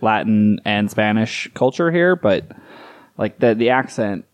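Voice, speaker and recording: A man with a fairly low voice talks loosely in a casual podcast chat, circling back through restarts and tossing in swear words. He is from the American Southwest. The sound is dry and close, with little room around it. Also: lively intonation, a little slow, clear, resonant tone, no room sound. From Southwest United States. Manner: rambling, swears often, many restarts.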